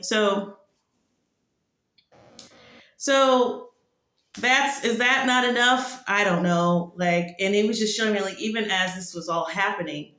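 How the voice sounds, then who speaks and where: A testimony speaker with a mid-range, fairly bright voice talks casually and rambles. "Like" turns up constantly as filler, and the recording has a room echo.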